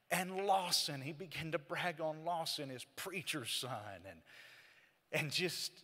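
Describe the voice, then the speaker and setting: A man giving a eulogy for his brother at a church memorial service, telling the story in a halting, emotional way and quoting their conversations. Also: on the high side, sharp tone. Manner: halting, emotional retelling with quoted dialogue. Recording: echoey church hall.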